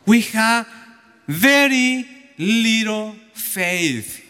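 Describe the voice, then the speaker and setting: A man's voice: high voice, animated, very slow, sharp tone, soft background music. A man preaching a homily as a deacon, telling the story animatedly and acting out the voices. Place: church. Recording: echoey church hall.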